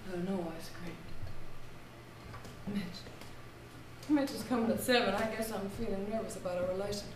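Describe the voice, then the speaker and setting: A woman's voice: mid-range voice, normal speed, close to an everyday voice. A woman playing a faded, fragile, vain woman past thirty in a live stage play, with a theatrical, fluttery, pleading delivery. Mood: anxious. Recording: echoey hall, far mic, faint noise.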